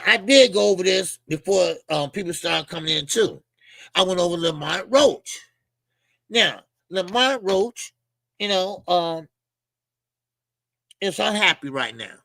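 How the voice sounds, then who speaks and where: A middle-aged man hosting boxing commentary, with a somewhat high, gravelly voice and a sharp, forceful tone. He rambles casually, full of slang, fillers and repeated words. The sound is dry and close. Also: no echo. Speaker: boxing channel host.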